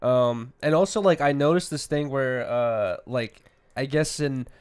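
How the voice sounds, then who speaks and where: A young American man in his twenties hosting a podcast, telling a rambling, animated story full of slang and swearing. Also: medium pitch, measured pace, smooth. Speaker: podcast host. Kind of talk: casual chat.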